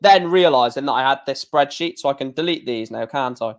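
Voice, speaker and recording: A man hosting a casual live stream, talking in an excitable, rambling way with many restarts. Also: mid-range voice, fairly quick.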